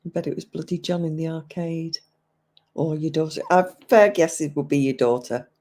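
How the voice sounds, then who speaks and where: With a deep, warm voice at a moderate pace, a livestream host from England, a woman in her fifties, talks casually with her audience. She answers viewers' comments aloud and laughs frequently.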